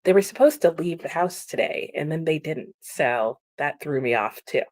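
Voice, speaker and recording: A woman's voice: sits low, expressive, moderate pace, darkish tone, no room sound. A woman hosting a casual livestream, chatting about chat comments with frequent laughs and lots of "like" fillers.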